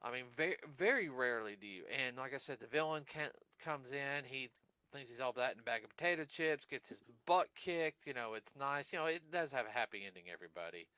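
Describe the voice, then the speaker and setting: A man's voice: medium pitch, animated, brisk, bright, forceful tone, clean tone, no echo. A man hosting a casual podcast, rambling through his points with plenty of fillers and restarts. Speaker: podcast host.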